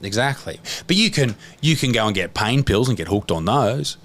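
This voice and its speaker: An Australian man chatting on a podcast, loose and profane. His pitch swings widely as he talks, and he laughs easily. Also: normal speed. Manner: lively, swearing, laughs easily. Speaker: podcast host. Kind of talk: casual chat.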